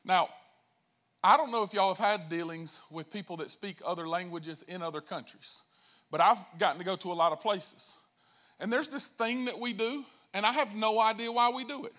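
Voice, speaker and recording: A man preaching a sermon as pastor, telling jokes and stories in a lively way and acting out quoted voices. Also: high-pitched, moderate pace. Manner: animated, joking storytelling with acted-out voices.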